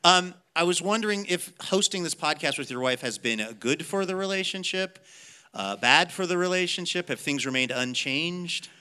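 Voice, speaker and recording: A man hosts a radio interview with a very bright, sharp tone and a slightly raised pitch. He asks his questions with wry, dry humor. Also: animated, normal speed, smooth. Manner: wry, dryly joking questions. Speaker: host.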